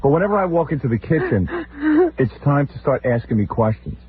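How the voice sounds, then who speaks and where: A man hosting a radio show, telling comic stories in an animated, exasperated rant and mimicking his relatives. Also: mid-range voice, fairly quick. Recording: tinny phone-like old radio recording with faint hiss.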